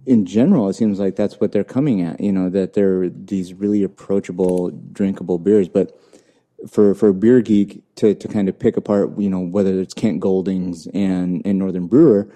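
A man with a very deep, dark and mellow voice chats casually about beer. He rambles along, with plenty of ums and restarts, in a relaxed podcast conversation. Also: normal speed. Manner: rambling, many fillers and restarts. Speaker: podcast co-host.

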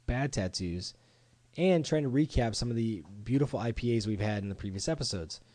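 A man hosting a casual podcast chat in a home studio, animated and playful, acting out quoted voices. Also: lowish voice, no room sound. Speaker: podcast host.

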